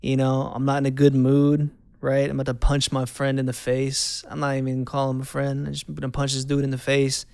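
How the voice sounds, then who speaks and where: Casting: man in his twenties, gravelly yet smooth voice, candid testimony, dry close sound. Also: medium pitch, monotone, fairly quick, few pauses, a little mellow, no echo. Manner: candid, conversational, repeats phrases for emphasis. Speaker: host. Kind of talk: personal testimony.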